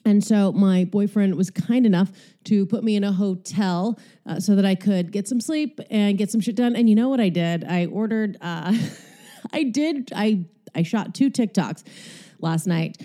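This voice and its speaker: A woman's voice: medium pitch, unhurried, warm tone. A woman hosting her own podcast in a casual, chatty, salty way, a little out of breath, recording from a hotel room. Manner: chatty, profane, self-deprecating. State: slightly out of breath. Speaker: podcast host. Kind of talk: casual solo podcast chat.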